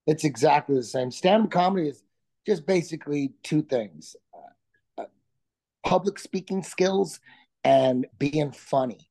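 A man's voice: fairly high pitch, unhurried, creaky, pauses often, mellow. A middle-aged man talking casually as an interview guest, laid-back, with frequent restarts and easy laughs. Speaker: guest, comedian and jiu-jitsu instructor.

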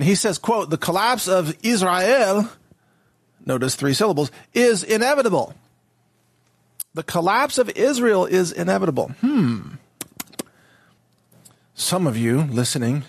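Husky-voiced man giving opinionated commentary. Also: on the high side, no echo. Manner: opinionated, mocking, mimics others' pronunciation. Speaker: political commentator. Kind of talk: casual monologue commentary.

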